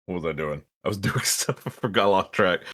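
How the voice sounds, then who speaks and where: A man's voice: sits low, animated, fairly quick, a bit bright. A young man chatting casually and profanely while livestreaming. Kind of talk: casual live-stream chat.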